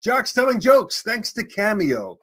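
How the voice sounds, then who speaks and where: An upbeat male host reading show links in a high voice for a man. He drops in small jokey asides between the introductions. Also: wildly swooping pitch, unhurried, faint music behind.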